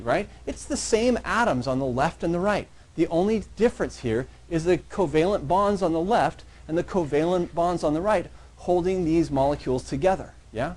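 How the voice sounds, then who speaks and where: A man with a somewhat high voice teaches a college science class. He talks casually and keeps checking in with his students. He sometimes drifts away from the microphone as he moves around the room. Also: animated, moderate pace, darkish tone. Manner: checks in constantly with "yeah?" and "right?"; conversational, joking with students. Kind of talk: classroom lecture.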